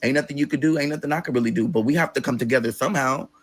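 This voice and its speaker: A man telling a story on his vlog, casual, animated and profane, acting out what people said. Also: mid-range voice, racing, no room sound. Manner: animated, profane, dramatic, acts out quotes. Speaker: storytime vlogger.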